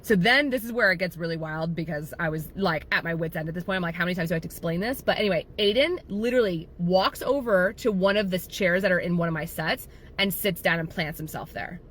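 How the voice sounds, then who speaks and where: A woman who owns a photo studio telling a client story in a fast, rambling way, full of "like". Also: on the low side, fairly bright tone, a little hiss or hum. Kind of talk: casual storytelling vlog.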